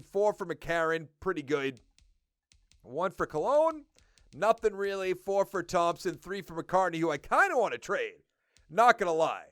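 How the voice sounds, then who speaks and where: A man's voice: high-pitched, a bit bright, no echo, clean studio sound. A man with a Boston accent giving casual commentary over a video game, thinking aloud as he runs through player stats and numbers. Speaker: gaming video creator.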